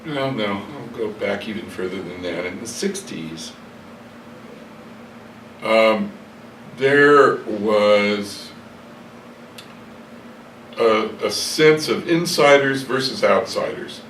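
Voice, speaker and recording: An older man with a low voice tells long stories from his past, hesitating and correcting himself as he goes. He sounds set back from the mic in an echoey room, with a faint hiss underneath. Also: expressive, slow, long pauses, fairly bright tone, recorded from a distance. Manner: rambling, hesitant, with many fillers and self-corrections. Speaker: interviewee. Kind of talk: reflective storytelling interview. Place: hotel room.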